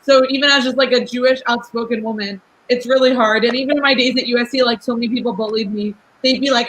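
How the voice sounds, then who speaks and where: A woman's voice: a little high, fairly even intonation, a bit bright, rough recording. A young woman in her twenties talking in a casual podcast chat as a guest. She is outspoken, laughs often and fills her talk with "like". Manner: fast, chatty, lots of "like" fillers. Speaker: guest, rapper.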